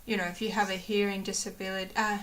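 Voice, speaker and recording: Young woman vlogger, bright voice, rambling chatty delivery with plenty of fillers. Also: medium pitch, flat delivery, quick pace. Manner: rambling, lots of fillers and restarts, laughs often. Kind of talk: casual chat to camera.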